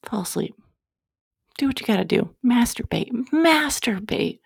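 A woman's voice: fairly high pitch, lively intonation, measured pace, creaky, breathy edge, no room sound, studio quality, voice pushed up, exaggerated voice. A woman putting on the voice of a doting motherly figure who coos pet names and coaxes you to rest. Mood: cooing. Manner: cooing, pet names, bossy-tender. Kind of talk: playful mothering bit.

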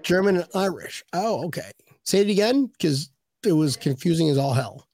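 A man's voice: a little high, lively intonation, normal speed, darkish tone. A man hosting a casual video-call chat show, telling rambling joking stories. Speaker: podcast host.

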